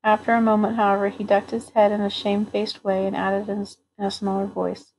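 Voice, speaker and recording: A woman narrating a novel aloud at a steady, even pace. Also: mid-range voice, fairly quick, few pauses, a little hiss or hum, poor audio. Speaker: audiobook reader.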